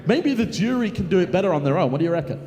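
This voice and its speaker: A man's voice: high-pitched, expressive, racing, a little mellow. A man hosting a live event on stage, bantering and teasing the crowd while filling time. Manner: chatty, joking, teasing the crowd. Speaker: event host. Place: large conference hall on stage. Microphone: stage microphone. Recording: long reverb in a large hall.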